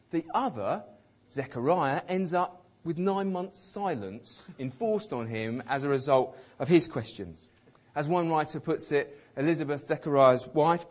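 A man preaching a sermon in a conversational, emphatic way, with a slightly husky voice, acting out quotes with light humour. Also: mid-range voice, darkish tone.

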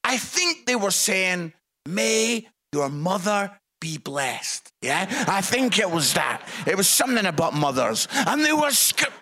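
Very high-pitched, bright Scottish preacher. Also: male voice, very animated, normal speed, hardly any pauses. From Scotland. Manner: chatty, self-mocking, builds to punchlines. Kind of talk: humorous storytelling sermon.

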